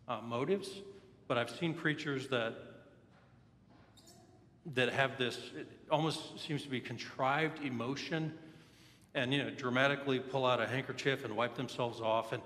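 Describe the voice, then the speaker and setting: A man's voice: mid-range voice, sharp tone. A man preaching a sermon, telling personal stories in an earnest, candid way. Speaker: pastor. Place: church sanctuary. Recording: echoey church hall.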